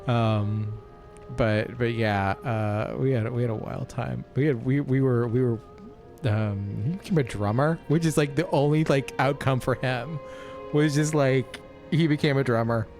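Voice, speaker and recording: A man's voice: medium pitch, unhurried, darkish tone, soft background music. A man co-hosting a game let's play, telling long rambling stories full of fillers and asides. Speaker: co-host. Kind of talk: casual chat over gameplay.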